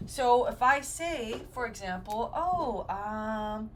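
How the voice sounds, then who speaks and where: A woman teaches English grammar at an unhurried pace, her pitch swinging widely as she acts out little example phrases. A faint hiss of background noise sits under her voice. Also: lively intonation. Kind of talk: grammar lesson.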